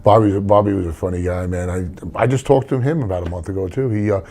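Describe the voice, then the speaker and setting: A man's voice: fairly low pitch, fast talker, mellow. A middle-aged man, a wrestler telling rambling stories full of restarts in a casual interview. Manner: rambling anecdotes with many restarts. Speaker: wrestler guest.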